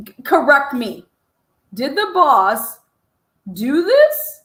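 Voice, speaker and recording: A woman's voice: sits high, wildly swooping pitch, very slow, long pauses, fairly bright tone, reverberant. A woman host giving mocking, profane reaction commentary, swearing and laughing in disbelief. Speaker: podcast host reacting to a clip.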